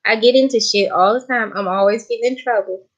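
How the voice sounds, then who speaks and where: A young woman from the Southern United States hosts a cooking channel, chatting casually on a live stream in a playful, emphatic way and laughing often. Her voice is on the high side and brisk, and the live-stream audio is dull and lo-fi.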